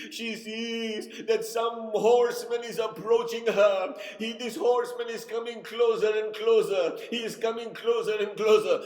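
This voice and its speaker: A high-pitched man preaches in an impassioned narration that swells into cries. He repeats his phrases as the story builds. A long, roomy reverb surrounds him, as in a large hall. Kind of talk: emotional sermon narration.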